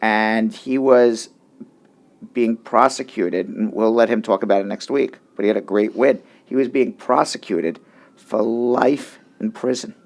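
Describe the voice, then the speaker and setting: Gravelly man hosting a talk show. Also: fairly low pitch, unhurried. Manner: chatty, joking, restarts sentences. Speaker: immigration attorney and show host. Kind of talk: casual radio talk-show banter.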